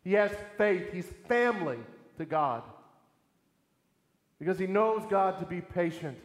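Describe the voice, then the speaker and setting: Man preaching, earnest and emphatic, slightly high voice, roomy echo all around. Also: expressive, measured pace. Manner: earnest, emphatic, with rhetorical questions. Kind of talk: sermon. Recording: echoey hall with long reverb.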